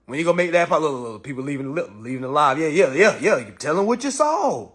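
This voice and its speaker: A man's voice: a little high, very animated, racing, a bit bright. A man hosting a casual phone livestream, talking in a boastful, repetitive, profane way. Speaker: livestream host.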